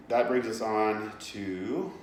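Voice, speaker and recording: Deep-voiced man giving an earnest devotional talk. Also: far from the mic. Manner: earnest, plain-spoken, with many fillers and restarts. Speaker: fitness and devotional host. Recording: echoey room, away from the mic, faint background noise.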